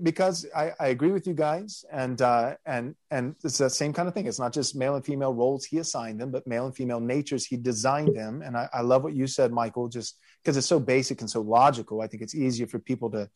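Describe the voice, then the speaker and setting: A man's voice: medium pitch, a little fast, hardly any pauses, darkish tone. Earnest man, pastor hosting a chat. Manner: thinking aloud, earnest, many restarts. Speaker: pastor and podcast host. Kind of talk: casual theological discussion.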